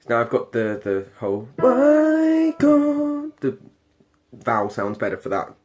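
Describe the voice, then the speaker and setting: A man's voice: on the low side, level tone, fairly quick. A young man with a British accent talking casually about his singing practice in a rambling, hesitant way. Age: late teens. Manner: rambling, hesitant, many ums and restarts. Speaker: performing arts student. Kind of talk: casual video diary.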